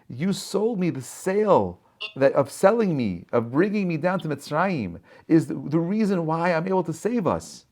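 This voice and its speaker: A rabbi giving a short inspirational Torah talk over a video call, telling the story with rhetorical questions and frequent "right?" and "okay?". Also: male voice, fairly high pitch, sing-song, normal speed, darkish tone. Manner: peppers speech with "right?" and "okay?".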